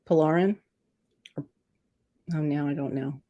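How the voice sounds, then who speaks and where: Woman, low voice, gravelly, chatty livestream host, laughs often. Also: expressive, unhurried, a little mellow, dull audio. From Florida. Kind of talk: casual chat reading viewer comments.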